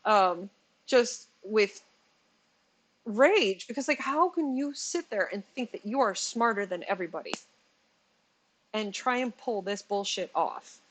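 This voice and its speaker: A woman's voice: medium pitch, animated, unhurried, long pauses, rough recording. Chatty, exasperated woman in her forties. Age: 40s. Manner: chatty and exasperated, stumbling over pronunciations; laughs often, self-correcting. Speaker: commentary channel host. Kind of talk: casual commentary vlog.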